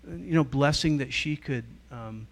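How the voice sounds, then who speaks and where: A middle-aged man, a guest church leader, giving a teaching talk and telling stories in an animated way, acting out the voices of people he quotes. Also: on the high side, a little slow, gravelly.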